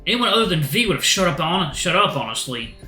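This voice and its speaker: A young man hosting a gaming channel, reading a visual novel aloud with animated asides. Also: on the high side, fast talker, echoey room, faint music behind.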